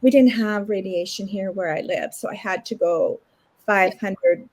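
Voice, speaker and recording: A middle-aged woman from Canada tells her own story to an interviewer in relaxed, everyday speech. She brings other people in to life by quoting them, jumping up into livelier voices for them. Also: mid-range voice, measured pace. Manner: animated retelling with lots of acted quotes. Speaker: interview guest. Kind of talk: casual storytelling.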